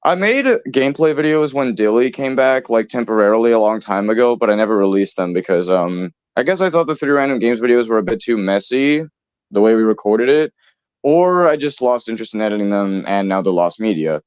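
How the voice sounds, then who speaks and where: A man's voice: fairly low pitch, lively intonation, a little fast, smooth, dry recording. Rambling young-sounding man on a dull dry mic. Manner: rambling, laughs often, swears casually. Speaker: streamer. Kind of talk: casual chat.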